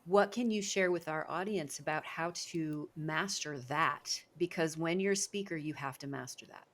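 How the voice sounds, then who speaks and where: A low-pitched woman hosts an interview podcast as a speaking coach. She talks in an effusive, encouraging manner and heaps praise on her guest. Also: moderate pace. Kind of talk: interview conversation.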